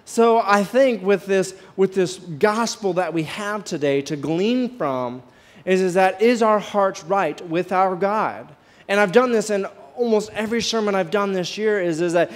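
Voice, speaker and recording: Male pastor, high voice, chatty sermon style with many restarts, questions for the congregation. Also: normal speed. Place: church sanctuary, walking the aisle.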